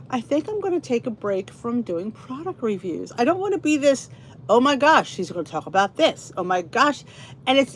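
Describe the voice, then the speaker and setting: A middle-aged woman hosts a podcast, talking to her viewers in a casual, rambling chat full of restarts and asides. She's from the Philadelphia area with a Philly accent and a mid-range voice, and the recording carries a little hiss or hum.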